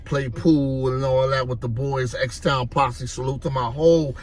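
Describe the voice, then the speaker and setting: A man from Harlem, telling street stories in an animated way and acting out the voices. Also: medium pitch, unhurried. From Harlem, New York. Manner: animated, acts out voices, repeats "you know what I mean". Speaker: storyteller. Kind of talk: street storytelling vlog.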